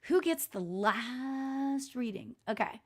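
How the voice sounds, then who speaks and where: A woman hosting a live psychic reading stream, speaking gently and reassuringly with many pauses and fillers. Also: fairly high pitch, animated, breathy edge. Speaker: spiritual medium host.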